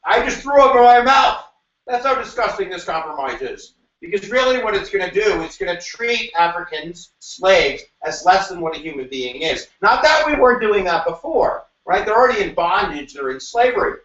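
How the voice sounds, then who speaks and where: A male teacher with a high voice runs an energetic review lesson, cracking jokes and breaking into shouts. He is recorded from a distance in an echoey room with a dull, muffled sound. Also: normal speed, few pauses. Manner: animated, jokey, with sudden shouts and asides. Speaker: history teacher. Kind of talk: energetic classroom review lecture.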